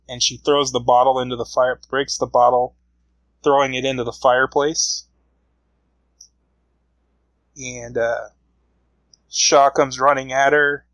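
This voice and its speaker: A man's voice: mid-range voice, little pitch movement, a little slow, long pauses, a bit bright, dry recording, rough recording. A man casually retelling a comic book story, rambling along with frequent fillers.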